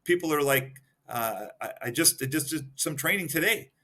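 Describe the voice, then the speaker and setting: A man's voice: fairly high pitch, lively intonation, moderate pace, bright, forceful tone. A man talking as a guest expert on a podcast, explaining points one by one and giving examples. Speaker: guest expert in behavioral analysis.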